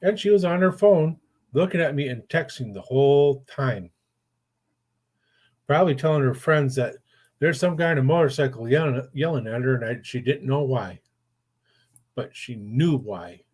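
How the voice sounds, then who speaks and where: A man's voice: mid-range voice, a little mellow. An older man, a grandfather, hosting a casual chat show and telling rambling stories in a blunt, profane way. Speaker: podcast host.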